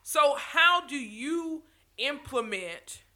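A woman's voice: high voice, animated, very slow, bright, forceful tone. A woman speaking passionately to her viewers in a motivational talk, stopping and restarting phrases and laughing now and then.

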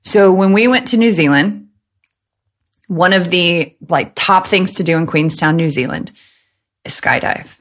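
A woman from the American Midwest, in her thirties, hosts a casual solo podcast. She tells stories in a chatty, joking way. Her voice sits slightly lower than most women's. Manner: chatty, jokey, fast talker. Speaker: podcast host.

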